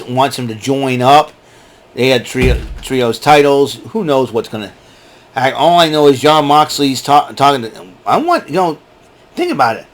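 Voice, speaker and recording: Animated man recapping wrestling. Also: mid-range voice. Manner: animated, rambling, laughs a lot. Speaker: wrestling show reviewer.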